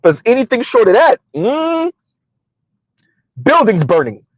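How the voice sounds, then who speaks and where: Male livestream commentator, thirties, repetitive and wry, somewhat high voice, lo-fi dry sound. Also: lively intonation, normal speed, darkish tone, no echo. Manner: rambling, repeats himself, laughs at own jokes.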